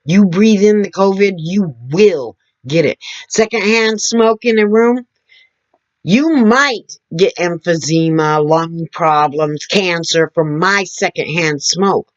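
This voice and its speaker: A woman talking slowly and earnestly to her camera, demonstrating as she explains, sitting several feet back from her computer mic. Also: lowish voice, muffled recording. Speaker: vlogger. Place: indoor room at a computer. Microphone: computer mic several feet away.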